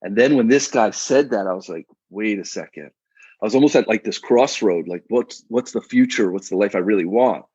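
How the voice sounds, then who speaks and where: A man's voice: fairly low pitch, a little fast, hardly any pauses, darkish tone, slightly rough, dry recording, muffled recording. A man in his thirties, a coach and guest on a casual podcast, talking in a laid-back, slangy way with frequent restarts.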